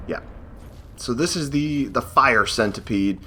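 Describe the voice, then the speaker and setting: A man's voice: medium pitch, measured pace, noisy background. A man commenting casually as he plays a hard video game, rambling, cursing and mocking himself. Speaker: gameplay host. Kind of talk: let's play commentary.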